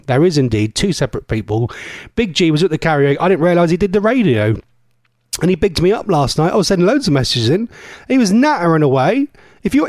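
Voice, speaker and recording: A man's voice: sits high, no echo, clean studio sound. A man hosting a live local radio show, chatting casually and rambling with self-mocking asides. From England. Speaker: radio host. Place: radio studio. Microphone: studio mic.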